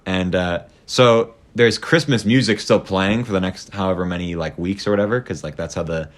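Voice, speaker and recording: Young male podcast host, low-ish voice, casual and profane storyteller. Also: moderate pace. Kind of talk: casual chat.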